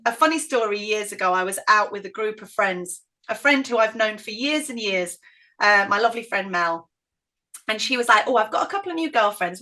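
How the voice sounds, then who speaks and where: Outspoken northern English woman, middle-aged, bright higher voice, interview guest. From northern England. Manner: outspoken, animated, acts out quoted voices. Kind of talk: casual interview storytelling.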